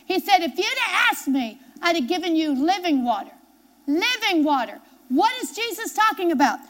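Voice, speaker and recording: A woman pastor delivers a sermon in a strikingly high voice. She reads scripture aloud, then presses her points with emphatic repetition and direct questions to the congregation. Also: a bit bright. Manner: emphatic, repeats key phrases, asks the congregation questions.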